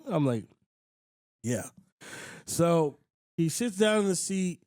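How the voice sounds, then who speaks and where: A man hosting a podcast, telling a story in casual chat, animated and acting out other people's lines, with frequent swearing. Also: fairly high pitch, measured pace, pauses often, no echo, clean studio sound. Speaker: podcast host.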